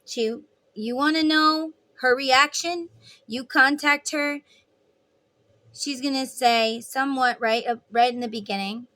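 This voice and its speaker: A tarot reader with a slightly high, somewhat bright voice talks a little slowly through a casual, rambling reading. She chats along and acts out imagined lines for the people who come up in the cards.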